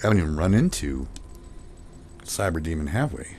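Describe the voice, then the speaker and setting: A man's voice: rumbling low, sing-song, moderate pace, a little hiss or hum. Panicky swearing gamer man. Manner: panicky, swearing, yelling during fights. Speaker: gameplay commentator. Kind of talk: let's play commentary.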